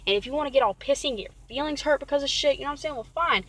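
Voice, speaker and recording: A woman's voice: high-pitched, rapid-fire, few pauses, a bit bright, poor audio. A woman venting in a casual vlog rant, rambling and exasperated, often repeating herself. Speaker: vlogger.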